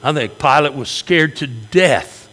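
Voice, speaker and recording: A man's voice: on the high side, expressive, measured pace, sharp tone, slight background noise. A male pastor preaching a sermon in a church with folksy humor. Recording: echoey hall reverb.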